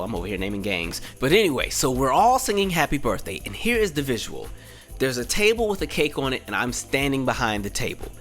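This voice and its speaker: A young man hosting a podcast, telling a comic story in an animated way and acting out other people's voices. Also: fairly high pitch. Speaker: podcast host. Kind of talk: comedic storytelling. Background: faint background music.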